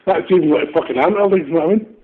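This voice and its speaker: Husky Scottish man, rambling. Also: fairly high pitch, racing. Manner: sweary, rambling, keeps asking "right?". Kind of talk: casual football fan chat. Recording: dull lo-fi recording.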